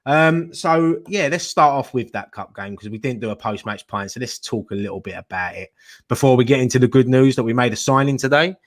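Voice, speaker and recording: A man's voice: mid-range voice, lively intonation, brisk. A man hosting a live fan chat show, joking and laughing a lot as he leads the talk. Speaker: host.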